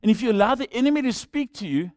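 A pastor preaching a sermon in an animated, rhetorical way, with humorous asides. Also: male voice, very high voice, racing, dry recording, clean studio sound.

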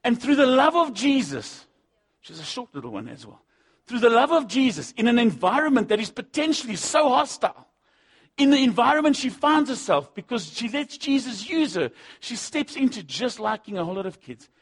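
A man preaching a sermon, swinging between loud punchy lines and low asides, acting out the voices he quotes. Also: big pitch swings, normal speed, slightly rough. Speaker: pastor.

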